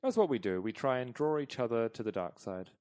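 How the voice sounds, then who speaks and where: A man's voice: mid-range voice, expressive, fairly quick, a little mellow. A man hosting a podcast, giving rambling, self-mocking sign-offs in casual chat. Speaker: podcast host.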